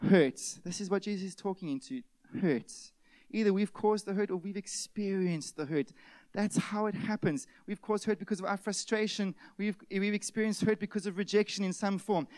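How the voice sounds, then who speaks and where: A male pastor, preaching an animated sermon in which he acts out everyday scenes with sudden shouted outbursts. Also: high voice, clear, resonant tone, no echo.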